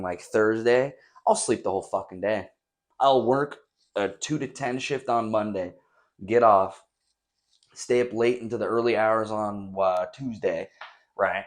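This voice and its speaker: Young man, slightly low pitch, casual rambling chat, heavy swearing, empty echoey bedroom. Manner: profane, rambling, laid-back. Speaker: podcast host. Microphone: camera set on a stack of drawers some distance away.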